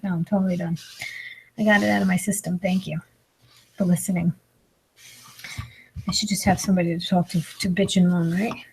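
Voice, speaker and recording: Her fairly low, husky voice comes through a low-quality recording as she eats on a live video. She's a comedian and mukbang vlogger in her 40s, chatty, self-mocking, and full of complaints.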